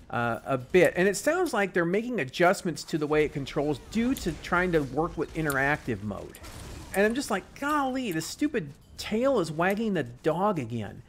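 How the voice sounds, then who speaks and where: A man hosting a casual gaming chat while he plays, rambling and full of restarts and animated complaints. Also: fairly high pitch, slight background noise. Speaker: gaming podcast host.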